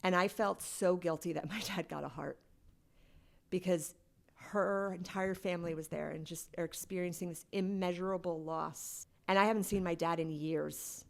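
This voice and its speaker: Low gravelly woman telling her story. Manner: candid and conversational, heavy use of "like". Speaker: podcast guest. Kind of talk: personal storytelling in a podcast conversation.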